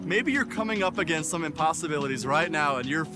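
A man's voice: a little high, expressive, fast talker. A man hosting an online church service, inviting viewers to pray with the team. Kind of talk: closing announcement. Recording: music playing behind.

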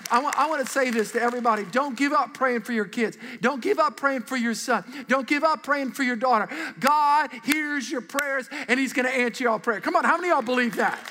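A middle-aged man, a pastor, preaching an animated, conversational sermon and calling for responses from a large congregation. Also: very high-pitched, fast, hardly any pauses, long reverb tail. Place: large church auditorium.

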